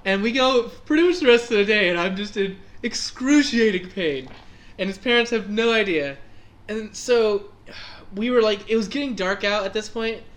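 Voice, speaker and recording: A young man telling a story in casual chat, animated and laughing as he acts out his own reactions. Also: high-pitched, moderate pace.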